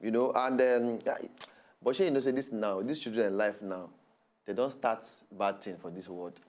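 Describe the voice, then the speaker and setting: A man's voice: lowish voice, moderate pace, darkish tone. A man with a Nigerian accent co-hosting a TV chat show, playful and bantering. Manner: playful, banters and mimics voices. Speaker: TV co-host. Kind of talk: casual chat in Pidgin.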